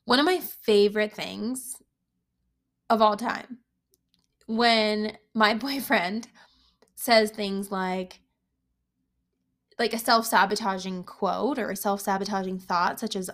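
A woman's voice: medium pitch, fairly even intonation, slow, long pauses, a bit bright. A young woman coach giving an encouraging motivational talk, emphatic and repeating key phrases for weight. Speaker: self-help coach. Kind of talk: motivational monologue to camera.

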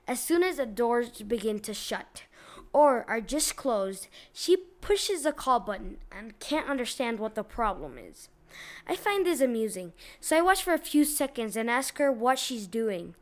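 A woman hosting a casual video, reading online posts aloud and commenting in a slangy, animated way with frequent giggles and sudden loud outbursts. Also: on the high side.

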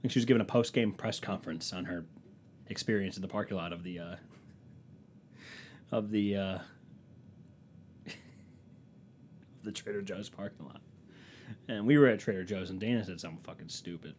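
A man's voice: deep voice, moderate pace, long pauses, a little mellow, slight background noise. A man telling comic stories as a podcast host in a profane, sarcastic, self-mocking casual rant. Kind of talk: casual comedic storytelling rant.

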